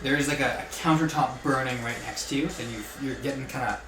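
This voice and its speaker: A man's voice: medium pitch, fast talker. A man running a tabletop game as game master, describing scenes in a loose, rambling way full of "like". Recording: roomy recording with music behind.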